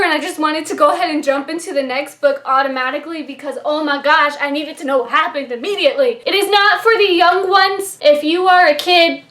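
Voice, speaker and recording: Gushing high-voiced woman reviewing books. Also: a bit bright, echoey room. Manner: gushing and enthusiastic. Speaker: book reviewer. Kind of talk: casual video review.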